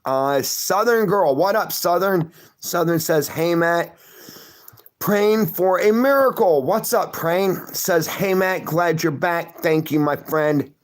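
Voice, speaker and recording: A man's voice: high-pitched, slow. A middle-aged man hosting a livestream, reading viewer comments and greeting each person by name in a casual, friendly chat. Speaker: livestream host.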